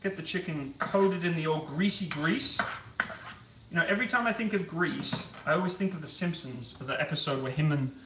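A man's voice: on the high side, brisk, background noise. A man chatting casually to his live-stream viewers while he cooks, rambling between topics and answering chat. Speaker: streamer cooking on camera. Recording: echoey room, mic at a distance.

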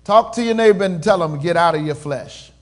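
A man preaching a sermon in call-and-response style, swinging between loud swells and quiet murmurs. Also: high voice, brisk. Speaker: pastor.

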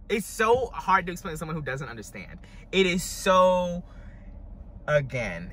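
Hoarse, gushing man, high and sharp. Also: wildly swooping pitch, slow pace, pauses often. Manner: dramatic, gushing, over-the-top. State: hoarse from screaming. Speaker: music reviewer. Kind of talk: excited reaction vlog.

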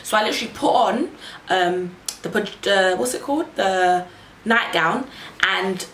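A young woman tells a story to her viewers in a chatty, animated way, peppering it with "like" and "literally". Her voice sits in a roomy, echoey space, picked up from a little distance with a faint hiss underneath. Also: medium pitch, unhurried. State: pregnant. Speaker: vlogger. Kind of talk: casual storytelling.

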